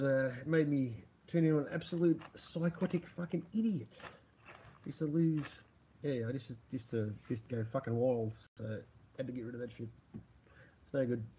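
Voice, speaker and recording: A middle-aged man hosts a casual livestream and reads his chat, speaking in a warm, medium-pitched voice over a little hiss or hum. He rambles and swears, laughs often, and is sarcastic, especially about the media.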